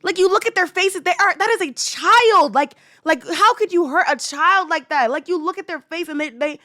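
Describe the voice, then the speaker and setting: A high-voiced young woman hosting a casual commentary show, heated and emphatic, repeating herself and dropping slang. The sound is close and dry, with no room around her. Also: normal speed, bright, forceful tone, no echo. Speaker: podcast host.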